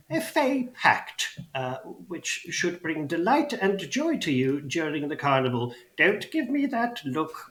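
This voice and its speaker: A man's voice: fairly high pitch, a bit bright, reverberant, voice pushed up, full character voice. A man voicing an elderly male goblin ticket seller who is prim, chatty and hesitant.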